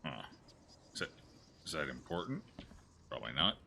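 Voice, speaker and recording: A man streaming a horror game, joking and yelling at the action as he plays. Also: a bass voice, moderate pace, vocal fry, a little hiss or hum. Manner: excitable, jokey, yells at the game. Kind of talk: gameplay commentary.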